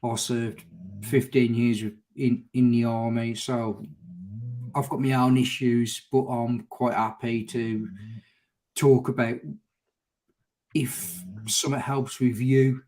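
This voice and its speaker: Slow-talking Birmingham biker man. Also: mid-range voice, flat delivery, a little mellow. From Birmingham area, England. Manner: chatty, repeats and restarts words, calls people mate. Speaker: guest, motorcycle vlogger. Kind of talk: casual live-stream chat.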